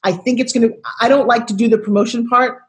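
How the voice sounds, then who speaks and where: A woman in her sixties, a guest on a video call interview, telling her story in an expressive, dramatic way. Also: on the high side, fast.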